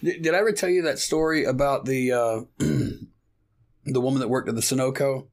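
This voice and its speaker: A man's voice: mid-range voice, fairly quick. A man co-hosting a casual comedy podcast, telling a rambling, profane story full of restarts. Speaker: podcast co-host.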